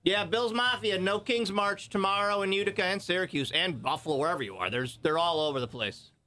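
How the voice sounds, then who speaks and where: Bright, high-voiced chatty radio host. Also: male voice. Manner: chatty, playful, quick asides. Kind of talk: casual radio banter. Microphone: studio microphone.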